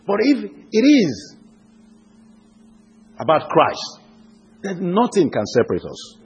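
A man preaching a sermon, swinging from loud emphatic declarations to hushed, intimate appeals. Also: high-pitched, huge pitch swings, slow pace, breathy edge.

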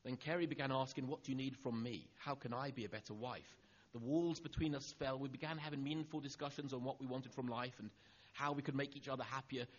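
Telling a personal story during his sermon, a middle-aged man voices the dialogue himself and goes soft and low on the tender lines. His intonation stays fairly even, he speaks fast with hardly any pauses, and the recording's highs are cut off.

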